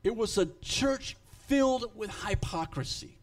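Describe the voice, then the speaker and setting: A man preaching to his congregation in a fairly high voice. He speaks slowly and emphatically, and his loudness rises and falls. When he leaves his notes he halts and repeats words. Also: expressive, a little hiss or hum. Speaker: pastor. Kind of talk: sermon.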